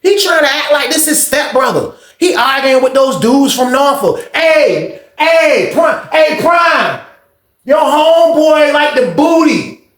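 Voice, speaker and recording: A man voicing a brash young male inmate who shouts and mocks, repeating his taunts. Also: very high-pitched, animated, slow, voice pushed up, full character voice. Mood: taunting. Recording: roomy echoey room.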